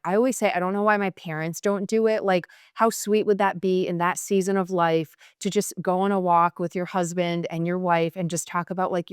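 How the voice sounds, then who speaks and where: Chatty young woman, passionate and fast-talking. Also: on the low side, clear, resonant tone, no echo, studio quality. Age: young adult. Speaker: podcast host. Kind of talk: casual chat.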